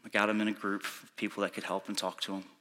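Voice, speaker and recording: A man preaching a sermon, telling a personal story with urgency, sometimes hushed and sometimes pleading. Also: fairly low pitch, level tone, quick pace. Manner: urgent pleading, rising to shouting in reenacted moments; soft and hushed when recounting prayer. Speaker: pastor.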